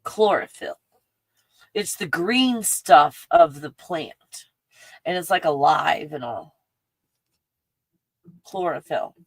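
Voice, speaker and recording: A chatty woman with a Texan accent rambles excitedly through a casual livestream, her voice sitting fairly low. She piles on fillers as she talks. The sound is close and dry, with no room echo. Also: takes it slowly, pauses often. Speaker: livestream host. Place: home in the mountains.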